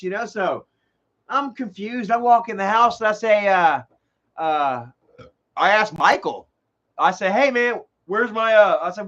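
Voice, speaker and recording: A man tells rambling, profane stories on his livestream. His voice sits high, and it comes through dull lo-fi stream audio. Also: unhurried. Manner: rambling, profane, animated storytelling. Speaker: livestream host. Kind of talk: casual storytelling on a livestream.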